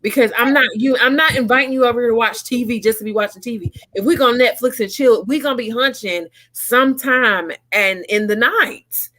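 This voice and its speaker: A woman co-hosting a casual talk show, her voice sitting a touch high. She speaks bluntly and with emphasis. She laughs easily between points. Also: brisk, few pauses, fairly bright tone. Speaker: podcast co-host. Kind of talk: casual chat.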